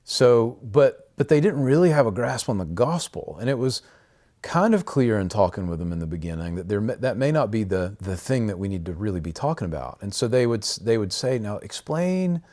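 A man's voice: lowish voice, animated, fairly quick, a little mellow. A man co-hosting a podcast, talking in a casual, rambling way with frequent restarts. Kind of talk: casual conversational podcast talk.

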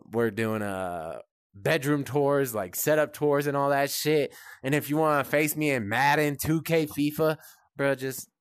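A young man streaming a football video game, cursing and yelling at the players as he plays. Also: a little high. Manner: profane, yells at the game. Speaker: gaming streamer. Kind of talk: gaming commentary. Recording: loud game crowd and noise. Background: loud video game stadium crowd.

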